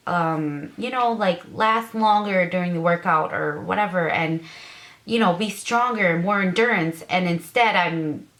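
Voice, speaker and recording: A woman's voice: lowish voice, fairly bright tone. A woman in her thirties casually telling a personal story, full of fillers and emotion, quoting herself and her husband. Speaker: vlogger sharing her story.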